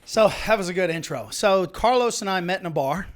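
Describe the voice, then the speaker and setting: A man's voice: sits high, animated, fairly quick. A man hosting a casual podcast chat, laughing easily and jumping between topics. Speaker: podcast host.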